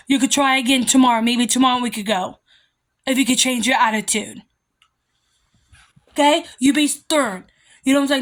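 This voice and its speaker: A woman's voice: sits high, brisk. A young adult woman vlogging parenting advice in a rambling, emphatic, repetitive way. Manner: rambling, emphatic, repeats herself. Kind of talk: casual monologue.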